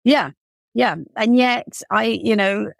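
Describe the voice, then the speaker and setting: A woman's voice: a little high, slow pace, vocal fry, no echo, clean studio sound. Chatty British woman, self-deprecating. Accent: British English. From England. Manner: chatty, self-deprecating, many fillers and restarts. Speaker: guest, cake business founder. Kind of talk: casual podcast interview.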